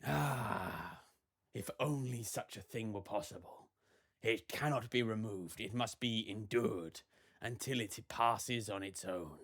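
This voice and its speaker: Cryptic elderly shaman, played by a man, slow solemn murmur. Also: on the low side, a bit bright, exaggerated voice. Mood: ominous. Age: older. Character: old wise male marsh shaman, cryptic.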